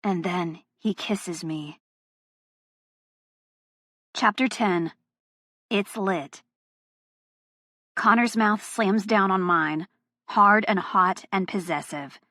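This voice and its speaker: Woman, first-person audiobook narrator, mid pitch, emotional, intense, dry studio mic. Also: extremely slow, long pauses, bright, forceful tone, no echo. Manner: emotionally charged, heated reading.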